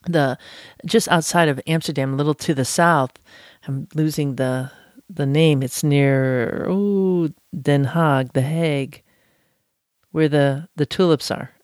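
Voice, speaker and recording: An enthusiastic podcast host rambling happily through a solo episode, full of asides and little restarts. The voice sits at a middle pitch. It is recorded close and dry, with no room sound. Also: no room sound. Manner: chatty, enthusiastic, with frequent restarts. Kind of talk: casual solo podcast talk.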